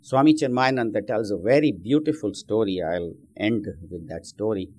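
A man's voice: lowish voice, lively intonation, moderate pace, darkish tone. A man teaching a spiritual discourse, telling a story in a conversational way with many asides. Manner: conversational storytelling, frequent "you know".

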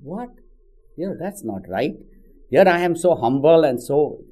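A man's voice: a little high, sing-song, measured pace, mellow, voice pushed up. A man voicing a lovesick young man who pleads earnestly to be let in.

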